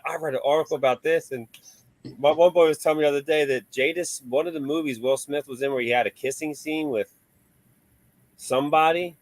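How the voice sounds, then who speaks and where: A man's voice: medium pitch, dry recording. A man in casual chat about remote-control cars, laid-back and chatty, laughing often.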